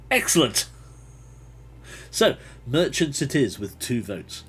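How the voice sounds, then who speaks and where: Chatty man with a lively voice. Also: mid-range voice, takes it slowly, breathy edge. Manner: chatty, laughs often, thinks aloud. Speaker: game master and livestream host. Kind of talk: reading a gamebook live with chat.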